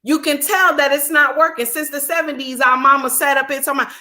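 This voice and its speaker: A woman's voice: sits high, brisk, sharp tone. A middle-aged woman, delivering an indignant, preachy ranting monologue full of repetition. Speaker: commentator.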